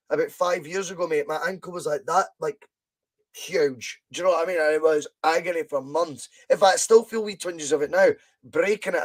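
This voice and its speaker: Scottish male podcast host, high voice, chatty fan commentary, excitable bursts, greets viewers by name. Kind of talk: excitable live football watch-along commentary. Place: at home.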